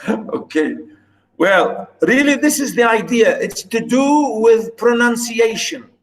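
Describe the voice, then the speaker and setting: Slow, high-voiced male lecturer. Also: lively intonation, poor audio. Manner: halting, repeats words, counts out syllable stresses. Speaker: university lecturer. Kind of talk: online poetry lecture.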